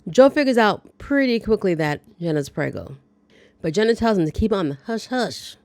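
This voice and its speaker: A woman's voice: medium pitch, very animated, normal speed, a little mellow, dry recording. A woman hosting a casual movie recap, chatty, with playful asides and reactions to the story. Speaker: movie review host.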